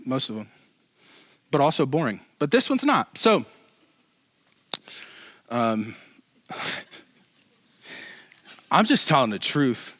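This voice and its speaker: A man's voice: mid-range voice, big pitch swings, slow pace, long pauses, fairly bright tone, no room sound, studio quality. A man pastor giving a conversational sermon, mixing joking asides with emphatic preaching.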